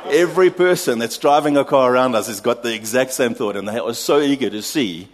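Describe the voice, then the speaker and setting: A South African man preaching a sermon, telling a lively personal story and laughing at his own anecdotes before drawing a lesson. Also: medium pitch, brisk, a little hiss or hum. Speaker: pastor.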